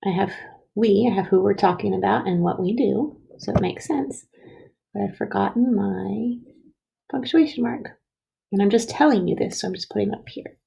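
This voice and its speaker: A woman teaching first graders a phonics lesson, sounding out letters and syllables slowly and sometimes dropping to a whisper. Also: medium pitch, mellow, rough recording. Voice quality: gravelly and husky. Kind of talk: slow, careful phonics lesson.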